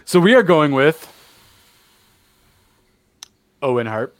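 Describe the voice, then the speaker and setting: A man's voice: fairly high pitch, sing-song, normal speed, no echo. A man co-hosting a casual podcast chat, laid-back, mostly chiming in with short remarks. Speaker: podcast co-host.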